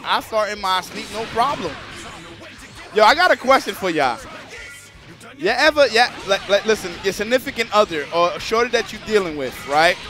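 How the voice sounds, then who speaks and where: High bright guy streaming a fighting game, crude jokes, keeps talking to chat, faint music under him. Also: expressive, normal speed. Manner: crude, joking, talks straight to the chat. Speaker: streamer and tournament commentator. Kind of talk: casual live-stream commentary.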